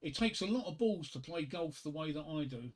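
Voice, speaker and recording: A man's voice: fairly high pitch, expressive, a little fast. A middle-aged man chatting casually on his live stream, rambling between topics and reading corny one-liner jokes aloud at a home desk microphone.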